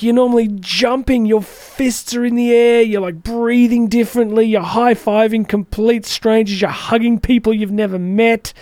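An energetic man hosting a motivational podcast, with a fairly high but warm, mellow voice. He talks chattily and acts out the voices of the people he quotes. The recording is close and dry, with no room echo. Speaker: podcast host.

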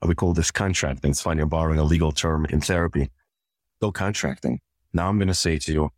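A man, a couples therapist, calmly explaining communication steps in a podcast interview and acting out example exchanges. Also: a bass voice, quick pace, no echo. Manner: calm, methodical, walks through numbered steps and acts out example exchanges.

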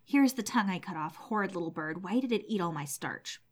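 A woman's voice: lowish voice, animated, quick pace. A woman reading the lines of a cross, spiteful old woman in a storybook, speaking scornfully. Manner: scolding, sour.

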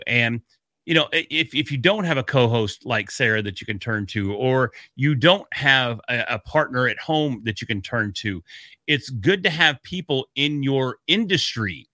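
Man, podcast co-host, casual joking chat, forceful tone, dry recording. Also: medium pitch, no echo. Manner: upbeat, joking, easily laughing.

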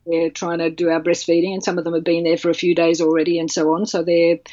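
A woman author telling a personal story in an interview, halting and emotional with many restarts. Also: on the low side, flat delivery, mellow, no room sound. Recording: dull, dry sound.

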